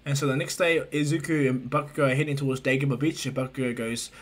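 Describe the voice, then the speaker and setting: A man's voice: medium pitch, steady tone, fast, hardly any pauses. A man casually retelling a fan story, rambling with fillers and restarts.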